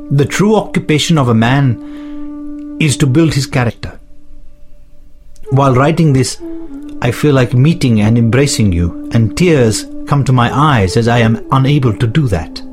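An earnest, principled leader speaks in slow, solemn, formal sentences, as a man reads his words. The voice sits at a middle pitch. Sitar music plays clearly behind him. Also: close to an everyday voice. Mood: tender. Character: earnest male leader writing to followers and son. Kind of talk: documentary reading of historical letters and speeches.

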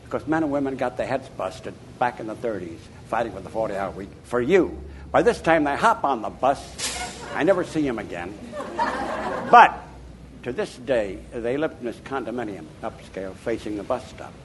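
An older man from Chicago, an author interviewed about his life, telling anecdotes in an emphatic, animated way. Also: mid-range voice, moderate pace, slight background noise. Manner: animated, emphatic, chuckling raconteur. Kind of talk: anecdotal storytelling.

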